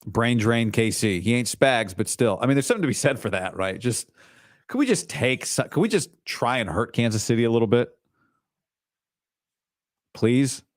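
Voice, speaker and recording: A man's voice: mid-range voice, lively intonation, moderate pace, long pauses, no echo, studio quality. A man hosting a sports talk show, reading listener comments and answering them with blunt opinions and sarcastic asides.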